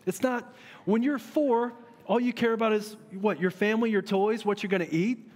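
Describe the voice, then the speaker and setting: Guy in his 30s preaching, kinda high voice, chatty and animated, big echoey church hall. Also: moderate pace. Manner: conversational and animated, with rhetorical questions. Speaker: pastor. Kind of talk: sermon. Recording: long reverb of a church hall.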